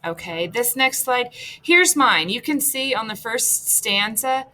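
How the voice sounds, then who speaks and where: A woman teacher talking through slides in a recorded lesson, slowing down to stretch out stressed syllables and checking in with her students along the way. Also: fairly high pitch, expressive, bright, forceful tone. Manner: chatty asides and quick checks with students.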